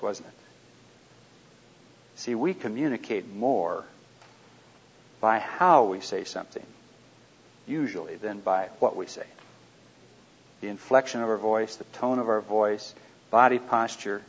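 A man teaching a live audience in a conversational way, asking them questions and dropping into quiet asides. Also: fairly low pitch, lively intonation, measured pace, long pauses, husky. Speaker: seminar speaker. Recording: dull lo-fi recording.

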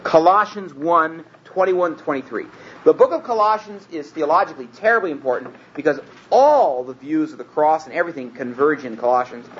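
A man with a fairly high voice gives an earnest teaching sermon, pressing hard on key words as he explains the text. The recording is dull and lo-fi, with a faint hiss running underneath. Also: animated, a bit bright. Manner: earnest, emphatic, slows and rises on quoted scripture. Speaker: Bible teacher.

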